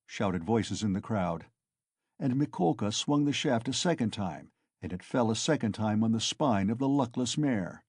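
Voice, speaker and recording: A man narrating a classic novel as an audiobook, in a measured, dramatic way. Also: on the low side, animated, a little mellow, husky, no room sound, studio quality.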